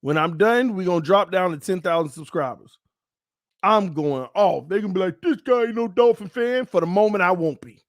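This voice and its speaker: A man hosting his own sports fan channel, giving casual commentary to viewers in a playful, excitable way. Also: sits high, a little fast, no room sound, clean studio sound. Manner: playful, excitable, swings between calm and shouting.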